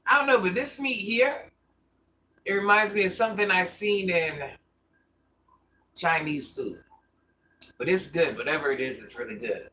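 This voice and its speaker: A woman's voice: fairly low pitch, animated, a little slow, pauses often, pushed and bright. Chatty older woman eating on stream. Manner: chatty, talks to viewers while savoring food. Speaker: mukbang streamer. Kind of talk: casual live-stream chat while eating. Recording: distant mic with faint background noise.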